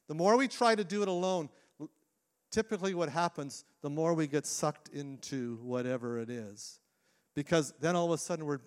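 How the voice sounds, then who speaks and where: A middle-aged man preaches to his congregation in a sermon, his voice sitting somewhat high for a man. He speaks earnestly and often restarts a phrase before pressing on. He moves between quick stretches and slow, deliberate ones. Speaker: lead pastor. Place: church sanctuary.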